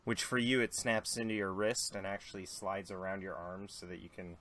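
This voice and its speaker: A man narrating as game master of a tabletop role-playing game, animated with quick asides. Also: sits low.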